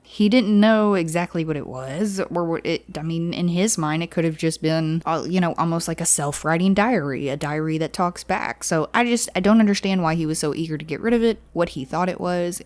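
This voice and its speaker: A woman's voice: on the low side, fairly quick, few pauses, darkish tone, dry recording. A woman co-hosting a podcast in casual chat, giggly and chatty, often wondering aloud with questions. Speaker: podcast co-host.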